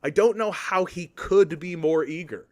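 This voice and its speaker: A man's voice: on the high side, moderate pace. A man from Canada giving casual political commentary on an article, with profane, sarcastic, exasperated ranting.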